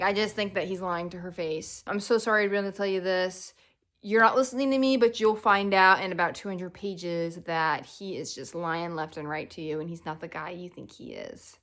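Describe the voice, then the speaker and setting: A young woman chats to camera about what she is reading, casual and animated. She leans on "like" and slips into playful mock quotes of the characters. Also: medium pitch. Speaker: book vlogger.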